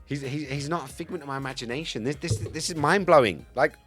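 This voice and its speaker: A man streaming live in casual chat, a bit tipsy, excitable and swearing, swinging between loud outbursts and low mumbles. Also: fast, soft background music. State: tipsy from cider.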